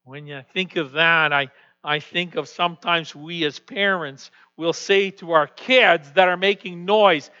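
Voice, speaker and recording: A man preaching a sermon as pastor, swinging from hushed, quiet passages to loud, emphatic declarations. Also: a little high, steady tone, measured pace, clear, resonant tone. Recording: dull lo-fi sound with long hall reverb.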